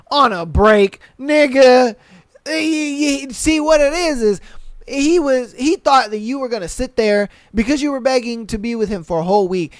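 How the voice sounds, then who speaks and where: A young man hosting a podcast, reading listener stories aloud and reacting with blunt, profane, animated commentary. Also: sits high, smooth, no room sound, studio quality. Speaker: podcast host.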